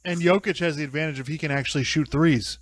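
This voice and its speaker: A man's voice: a little high, quick pace, dry recording. A man co-hosting a casual sports podcast, arguing his points emphatically and insistently. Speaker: podcast co-host. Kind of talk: casual chat.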